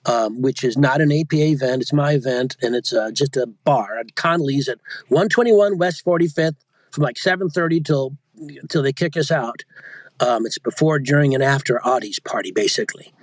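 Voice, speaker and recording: A man's voice: mid-range voice, normal speed, no echo. A man, an audiobook narrator and coach, talking casually in an interview, rambling and often restarting his sentences. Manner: rambling, self-interrupting, chatty.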